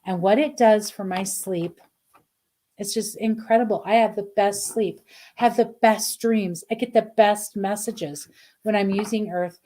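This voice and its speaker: Brief: middle-aged woman, mellow tone, gushing live-stream card reader. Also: medium pitch, fairly even intonation, a little slow, a little hiss or hum. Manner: effusive, chatty, reads viewer comments aloud. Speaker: spiritual card reader, host.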